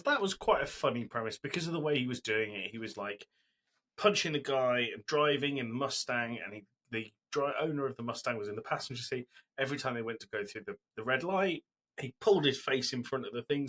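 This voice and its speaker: Male co-host, husky forceful voice, loose rambling storyteller. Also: medium pitch, lively intonation, fairly quick. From Britain. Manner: rambling storytelling recap with fillers. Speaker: podcast co-host. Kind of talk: casual chat.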